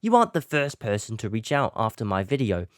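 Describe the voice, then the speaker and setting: A man's voice: lowish voice, very animated, a little fast, smooth, dry recording, studio quality. A man putting on a British accent to read out a friend's reassuring message in a mock-posh, upbeat way.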